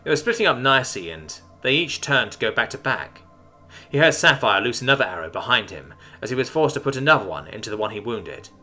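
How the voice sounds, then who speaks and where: Guy narrating a story, bright forceful voice, pitch jumping all over, soft music behind. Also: sing-song, fast. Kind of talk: scripted narration.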